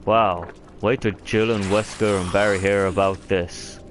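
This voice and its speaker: A man's voice: fairly low pitch, steady tone, a little slow, over loud music. A man streaming a video game, talking over it with crude, mocking banter. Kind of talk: profane gameplay commentary.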